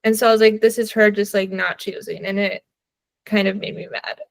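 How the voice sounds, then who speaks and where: A woman's voice: medium pitch, steady tone, a little fast, creaky. A young woman co-hosting a book podcast, chatting casually and animatedly, laughing and filling her talk with "like". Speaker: podcast co-host.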